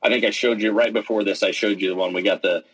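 Husky-voiced man telling a story. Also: on the low side, fast, rough recording. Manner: animated storytelling, acts out quotes, many fillers and restarts. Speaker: interview guest, pennant maker and player. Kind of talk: casual storytelling in an interview.

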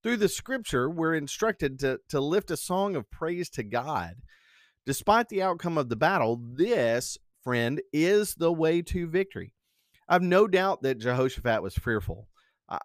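A man's voice: medium pitch, no room sound, studio quality. A man preaching a sermon, telling a story and acting out the quoted speech with animation.

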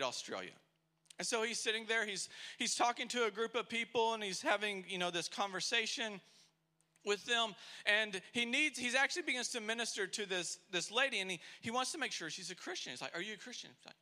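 Bright, high-voiced energetic male pastor. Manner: energetic storytelling, acts out quoted people. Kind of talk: sermon. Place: church.

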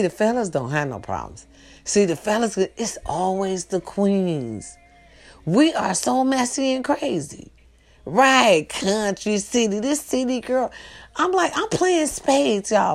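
A woman hosting a casual monologue for a live stream, talking straight to her viewers with loud outbursts and hushed asides. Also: high voice, creaky. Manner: tag questions, talks straight to her viewers. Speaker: host.

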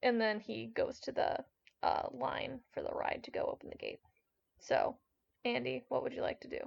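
A woman narrating as game master of a tabletop game, brisk and teasing. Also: high voice, flat delivery, creaky, no echo, muffled recording.

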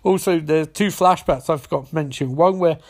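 Man, fairly high voice, casual recap, rambling, sarcastic, swearing. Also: normal speed. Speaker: show recapper.

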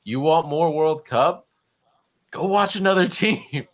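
A man co-hosting a live-streamed chat show, arguing his point in an animated way and laughing as he talks. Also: fairly high pitch, takes it slowly. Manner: animated, argumentative, laughs while talking. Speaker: podcast co-host. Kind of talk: casual debate chat.

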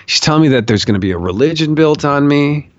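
A man recounting a vision in a podcast interview, animated and profane, acting out the quotes he tells. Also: on the high side, quick pace, no room sound, muffled recording. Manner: animated storyteller, swears, acts out shouted quotes. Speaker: podcast guest, documentarian. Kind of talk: storytelling in a long interview.

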